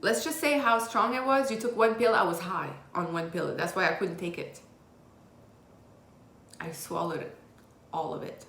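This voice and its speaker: A woman's voice: fairly low pitch, normal speed, fairly bright tone. Woman telling her story in a roomy echo. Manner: candid and raw, with blunt swearing. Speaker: vlogger. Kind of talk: confessional personal storytelling.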